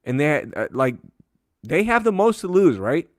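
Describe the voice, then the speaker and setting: Animated ranting man, dry close mic. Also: fairly high pitch, normal speed, dry recording. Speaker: podcast co-host. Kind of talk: casual chat.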